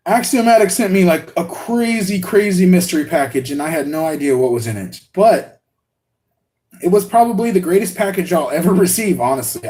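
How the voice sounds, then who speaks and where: A man hosting a live unboxing stream, talking excitedly and rambling with many restarts and laughs. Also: medium pitch. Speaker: RC hobby channel host.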